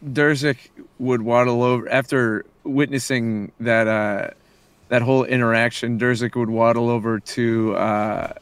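A man describing his character's actions in a tabletop game, measured and pausing. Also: medium pitch, steady tone, smooth, dry recording. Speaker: player. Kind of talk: casual play talk.

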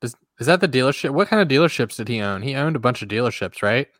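A man's voice: medium pitch, animated, fairly bright tone, no echo. Wry man on a dry, close podcast mic. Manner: wry and teasing, with halting restarts. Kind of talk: casual sports podcast chat.

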